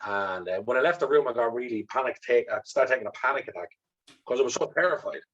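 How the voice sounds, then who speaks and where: A man's voice: medium pitch, fast, fairly bright tone. A blunt Irish man telling candid stories as an interview guest, swearing freely and talking with animation. The recording is dull and lo-fi, with the top end rolled off. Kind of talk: candid storytelling.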